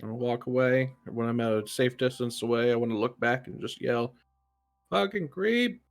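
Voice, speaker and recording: A man's voice: medium pitch, little pitch movement, fairly quick. Sarcastic joking man player. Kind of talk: casual chat.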